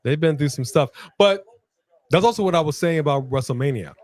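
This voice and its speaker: A man's voice: fairly high pitch, lively intonation, fairly quick, darkish tone, no echo. A man co-hosting a casual live stream, reading viewer comments and laughing often. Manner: laid-back, laughs often, repeats phrases. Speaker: co-host of a wrestling watch-along stream.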